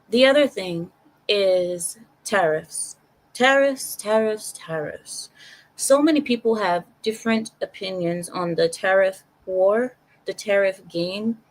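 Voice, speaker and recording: An animated woman talking her opinions through on a casual live stream. She speaks directly to her viewers and circles back on phrases to press her point. Her voice sits at an ordinary middle pitch. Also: vocal fry, poor audio. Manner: animated, talks straight to chat, repeats herself for emphasis.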